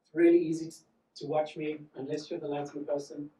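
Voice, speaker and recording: A man's voice: fairly high pitch, flat delivery, a little fast, warm tone, slight background noise. South African man in his 40s, wry solo storyteller, echoey stage, heard from afar. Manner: wry, self-deprecating. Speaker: comedian and solo performer. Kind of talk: stand-up storytelling. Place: theatre stage. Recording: echoey theatre from far off.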